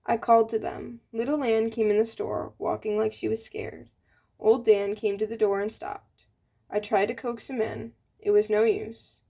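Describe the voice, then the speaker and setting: Woman, gravelly voice, gentle storybook reading, light character voices. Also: a little high, steady tone, normal speed. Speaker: audiobook reader. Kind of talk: reading a novel aloud.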